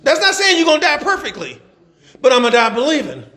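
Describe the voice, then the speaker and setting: A man with an unusually high voice preaching a sermon. He stretches out scripture lines, keeps checking in with the congregation, and slips into chuckling conversational asides between fervent stretches. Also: huge pitch swings, bright, forceful tone. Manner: fervent, calls out to the congregation, drawn-out scripture reading.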